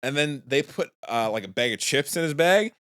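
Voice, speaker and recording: A man's voice: fairly high pitch, normal speed, no echo, clean studio sound. A man in his thirties co-hosting a casual podcast, telling family stories with laughter and acted-out quotes. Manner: animated storyteller, acts out quotes with laughter. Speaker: podcast co-host. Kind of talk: casual chat.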